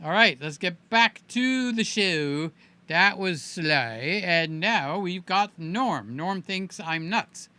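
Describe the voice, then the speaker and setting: A man's voice: high voice, animated, slow, sharp tone, smooth. A man hosting a casual livestream, playful and chatty, greeting viewers by name. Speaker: livestream host.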